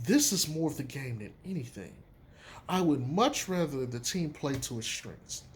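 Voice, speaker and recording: A man giving casual basketball opinions in an emphatic, profane, animated way. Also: mid-range voice, normal speed, slight background noise. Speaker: sports commentator. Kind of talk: casual sports opinion talk.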